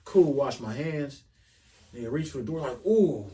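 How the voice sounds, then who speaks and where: A man casually telling an animated, profane story on a podcast, acting out the dialogue as he goes. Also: medium pitch, moderate pace. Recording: voice a bit far from the mic.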